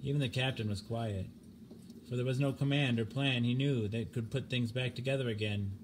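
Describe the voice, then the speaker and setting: A man narrates a science fiction short story in a measured, grave voice of ordinary pitch. He reads steadily, like a home audiobook recording, with a soft hiss of noise underneath. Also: steady tone.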